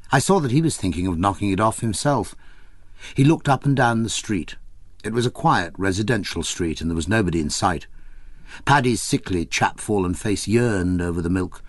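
A man narrating an audiobook in a measured, wry storytelling manner. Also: on the low side, dry recording.

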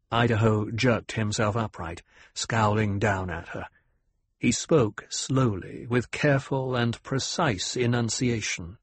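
A man narrating an audiobook in a steady, even storytelling manner. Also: medium pitch, measured pace, slightly rough, no room sound. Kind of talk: scripted narration.

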